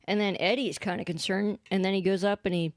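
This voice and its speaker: Female co-host; chatty plot recap with quick character voices, dry close mic. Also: mid-range voice, no room sound. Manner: animated retelling with quick quoted voices. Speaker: podcast co-host. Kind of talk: casual chat recapping a horror film.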